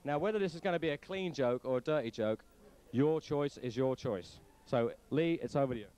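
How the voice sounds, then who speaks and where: Man, pub host, quick talker, mellow voice, jokey. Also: medium pitch, a little hiss or hum, poor audio. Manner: jokey, introducing each guest. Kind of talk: casual pub chat.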